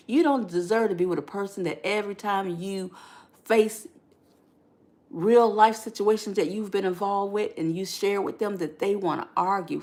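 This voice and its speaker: A woman's voice: mid-range voice, gravelly, a little mellow. A woman hosting a live relationship-advice stream who talks to her viewers, reads their comments aloud, and speaks in a preacher-like way. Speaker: podcast host and life coach.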